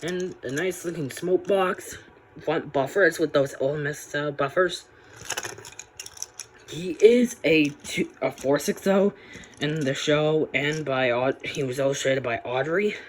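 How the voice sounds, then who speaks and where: A man's voice: fairly high pitch, unhurried, slight background noise. A man casually reviewing a toy train set, chatty and rambling with frequent restarts.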